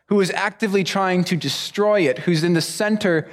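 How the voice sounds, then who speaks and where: A young man delivers a sermon as a lively story, acting out the other people's voices. His voice sits fairly high. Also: normal speed. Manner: animated storyteller, acts out voices. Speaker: preacher.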